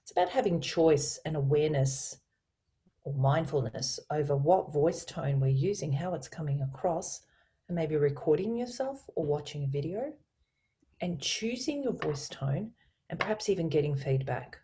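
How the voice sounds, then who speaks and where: A woman voice coach speaking as a guest on a video call, explaining communication in an expressive, teacherly way. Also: sits low, moderate pace. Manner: expressive, teacherly, varies her inflection. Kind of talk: explanatory interview talk with spoken tone demonstrations.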